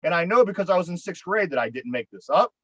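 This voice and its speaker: A man's voice: sits high, sing-song, quick pace, slightly rough, dry recording, dull audio. A man with a Pittsburgh accent, co-hosting a podcast and telling a long story in a rambling, profane way, often repeating his words. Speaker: podcast co-host. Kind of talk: casual storytelling chat.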